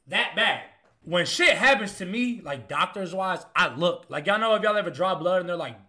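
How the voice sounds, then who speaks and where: A young man, a comedian, telling a story in a casual, animated and profane way, with punchy lines. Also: sits high, normal speed. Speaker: comedian host.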